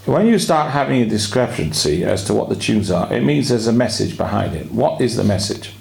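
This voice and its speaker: A rabbi giving a weekly sermon, explaining his points in a measured way with drawn-out pauses. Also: lowish voice, lively intonation, gravelly, darkish tone.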